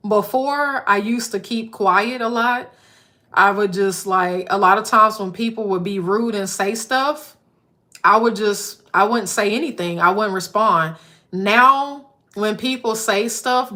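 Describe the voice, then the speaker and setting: A woman's voice: mid-range voice, bright, forceful tone. Blunt, emphatic woman in her thirties. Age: 30s. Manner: blunt, emphatic, repetitive listing. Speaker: livestreamer. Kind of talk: casual live-stream rant.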